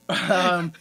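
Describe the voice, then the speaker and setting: A man co-hosting a casual comedy podcast, retelling a movie's scenes in a crude, joking way and laughing often. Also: sharp tone. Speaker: podcast co-host.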